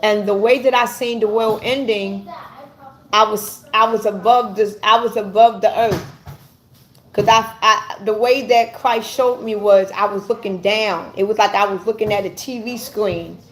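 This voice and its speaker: A woman giving an earnest personal testimony to camera, halting and often repeating her words as she searches for them. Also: mid-range voice, steady tone, a little hiss or hum. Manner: earnest and intense. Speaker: vlogger.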